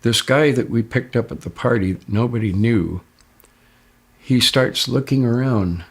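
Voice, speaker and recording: In a medium-pitched, slightly rough voice, an older interviewee relaxedly recounts something that happened to him. He talks a little slowly, and his voice leaps up sharply when he quotes others.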